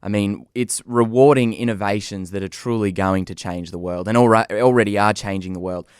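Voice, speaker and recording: Upbeat young Australian man, smooth voice. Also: lowish voice, steady tone, a little fast, no echo, clean studio sound. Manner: upbeat, enthusiastic. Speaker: conservationist guest. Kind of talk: radio interview answers. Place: radio studio.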